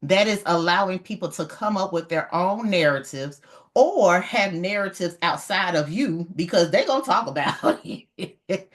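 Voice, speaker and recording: A middle-aged woman giving an animated, emphatic motivational talk on leadership, repeating her key points. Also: lowish voice, unhurried. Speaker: leadership educator.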